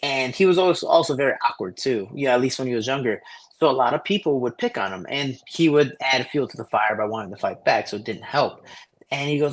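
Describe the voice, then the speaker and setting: A podcast co-host from the Cicero, Illinois area tells stories in a profane, animated manner, his mid-range voice moving briskly. The casual chat comes through a remote call on shaky Wi-Fi.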